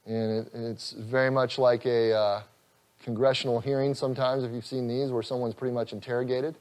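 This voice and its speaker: A man preaching an expository sermon, earnest, rising loud on scripture and dropping soft, with an occasional chuckle. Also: medium pitch, level tone, fairly quick. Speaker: pastor.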